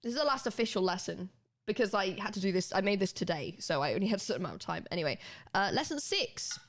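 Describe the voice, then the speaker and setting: A woman's voice: medium pitch, fast talker. Laughing British woman streamer. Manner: chatty, laughs often, animated. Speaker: streamer teaching a spelling lesson. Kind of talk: casual live-stream chat.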